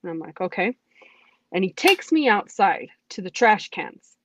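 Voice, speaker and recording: A woman telling her personal testimony in a casual, animated way, acting out what she said back then. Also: mid-range voice, measured pace, noisy background. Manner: animated, acts out her own past remarks. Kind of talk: casual storytelling.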